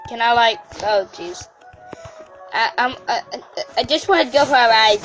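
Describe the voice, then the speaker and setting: A woman with a high, light voice chatters through a game as its regular host. She is excitable, trips over her words and keeps blurting out exclamations. Soft game music plays faintly underneath. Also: normal speed. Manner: excitable, exclaims and stammers often. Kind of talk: casual gameplay commentary.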